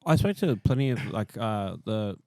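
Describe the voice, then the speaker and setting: Male podcast host; casual, agreeable interviewer, lowish voice. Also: animated, normal speed, a little mellow, no echo. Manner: conversational, agreeing, asks long questions.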